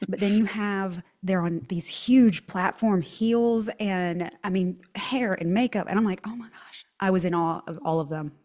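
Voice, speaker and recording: A woman's voice: medium pitch, moderate pace, hardly any pauses, darkish tone. A woman with a Southern US twang, hosting a casual interview in a bubbly, gushing way. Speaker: podcast host.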